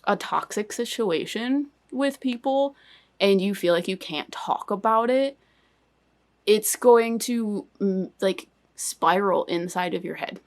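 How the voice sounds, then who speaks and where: Young woman, emotional life update, halting, many fillers, near tears, medium pitch. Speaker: channel host.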